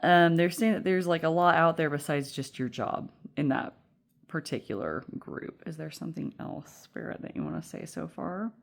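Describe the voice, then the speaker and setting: Low-voiced rambling woman tarot reader. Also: moderate pace, vocal fry. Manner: rambling and chatty, many fillers, laughs often. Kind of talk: casual pick-a-card reading.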